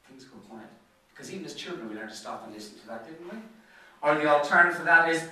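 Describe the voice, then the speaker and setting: A man's voice: on the high side, lively intonation, fast, sharp tone, a little hiss or hum. An Irish man giving an after-dinner business presentation at a golf club, telling anecdotes in a chatty way and often repeating words as he goes. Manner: chatty storyteller who stutters on repeated words. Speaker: business speaker. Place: function room at a golf club. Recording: very echoey room, mic far off.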